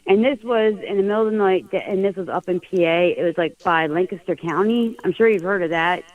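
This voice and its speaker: A woman's voice: on the low side, brisk. Woman calling in, from pennsylvania, kinda hesitant with lots of ums, dull muffled line. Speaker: caller. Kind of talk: phone call story. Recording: dull phone-line sound.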